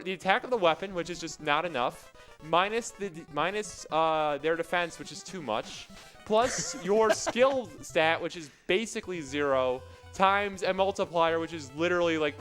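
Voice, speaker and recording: High-voiced joking male game commentator. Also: fairly bright tone, poor audio. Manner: joking, rambling explanations with laughs. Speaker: speedrunner. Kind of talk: live commentary while playing.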